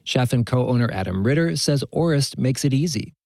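A man filing a scripted radio news report with a measured, even delivery. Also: mid-range voice, gravelly, no echo.

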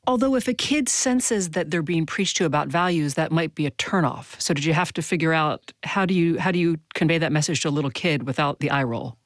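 Measured woman radio interviewer. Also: sits low, no room sound, studio quality. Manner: measured, curious, reads quotes aloud. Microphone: studio mic.

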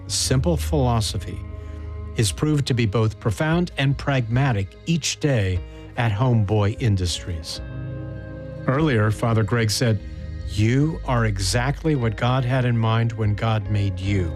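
A man's voice: mid-range voice, darkish tone. Thoughtful male radio host. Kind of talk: interview and scripted narration.

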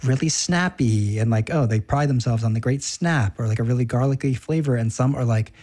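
A man's voice: medium pitch, fairly quick, darkish tone. A man hosting a casual interview, asking playful, chatty questions. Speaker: interviewer host.

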